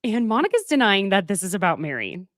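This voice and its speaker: A woman podcast host rattling through gossip in a lively, breathless rush, full of asides. Her voice is recorded dry and close, with no room sound around it. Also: medium pitch, fast, no echo. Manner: animated, breathless storytelling with frequent laughs. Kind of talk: casual gossip chat.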